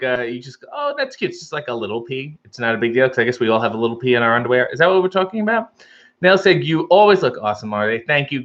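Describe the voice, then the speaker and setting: A fairly high-voiced man chats wryly through a casual live stream, reading viewer comments and tossing off jokes. The sound is a little muffled and lo-fi, like stream audio. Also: pushed and bright. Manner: wry, joking, chatty.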